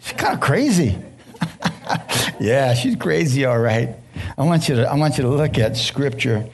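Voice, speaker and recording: A man's voice: mid-range voice, lively intonation, measured pace. A man preaching a sermon as pastor, telling stories and putting questions to his audience.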